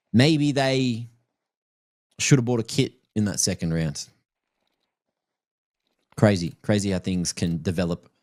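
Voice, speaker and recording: Male esports caster with a slightly low voice; quick, chatty, jokey play-by-play on a headset. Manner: chatty and joking, teases players and viewers. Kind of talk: live play-by-play game commentary.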